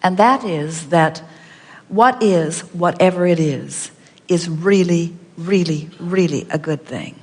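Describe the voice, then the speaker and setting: A woman's voice: on the low side, slow, a little mellow, breathy edge. A woman giving an inspirational seminar talk, speaking as "we" and repeating her points with emphasis. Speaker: speaker answering audience questions. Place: large hall with audience. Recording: long hall reverb.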